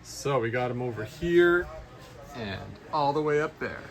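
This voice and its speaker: A man chatting casually in his retro game store vlog, upbeat and quick to laugh. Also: medium pitch, expressive.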